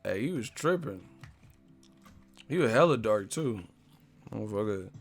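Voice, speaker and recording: A man's voice: lowish voice, expressive, measured pace, faint music behind. A man with an American accent hosting a casual live stream, telling jokes and stories with heavy swearing and frequent laughter. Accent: US English. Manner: profane, joking storyteller who laughs a lot. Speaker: boxing live-stream host.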